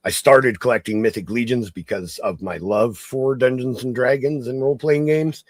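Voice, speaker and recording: A man's voice: mid-range voice, fairly even intonation, moderate pace, dry recording. A man chatting casually as a guest, enthusiastic and thinking aloud. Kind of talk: casual chat.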